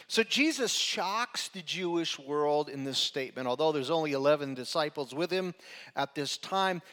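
A pastor delivering a sermon in a relaxed, conversational way, often checking in with his listeners with "right?". His voice sits a little high for a man. The sound carries a long reverb from a large hall. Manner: conversational preaching, frequent "right?" check-ins.

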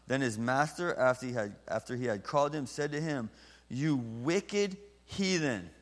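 Guy preaching in a church, earnest, drags out the big lines, long echo tail. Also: mid-range voice. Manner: earnest, slows down to stress key lines. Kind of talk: sermon and closing prayer. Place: church sanctuary.

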